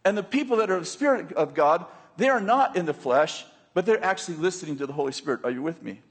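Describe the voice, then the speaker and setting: Male preacher, sermon, high voice, husky, conversational, joking asides. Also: animated, fast talker, long reverb tail. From United States. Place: church hall with a congregation.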